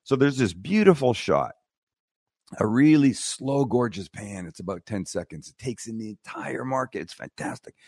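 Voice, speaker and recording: In a husky, mid-range voice at a moderate pace, a middle-aged TV and YouTube cooking host tells blunt, animated stories as a podcast guest, voicing the characters himself. It's a casual interview, recorded dry and clean on a studio mic.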